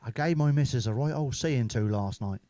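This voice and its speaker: A man's voice: medium pitch, moderate pace, dark tone, no echo. A middle-aged man telling crude, bawdy comic stories as a comedian. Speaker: stand-up comedian. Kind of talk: comic storytelling.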